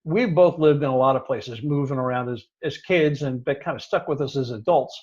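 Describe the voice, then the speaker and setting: An older man from New Jersey hosting a casual talk show, speaking in a measured way and setting facts straight. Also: mid-range voice, a little mellow, dull audio. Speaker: podcast host. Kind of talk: casual chat.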